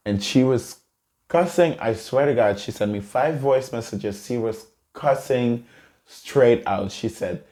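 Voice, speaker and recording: A man's voice: medium pitch, a little slow, mellow. A man earnestly and emotionally telling a personal story to camera in a vlog. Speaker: vlogger.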